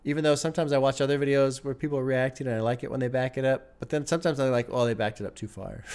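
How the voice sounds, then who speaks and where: A man's voice: mid-range voice, steady tone, racing, darkish tone, smooth. A man hosting a music reaction video, musing and rambling in casual commentary, chuckling often and sometimes dryly sarcastic. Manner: wry sarcasm.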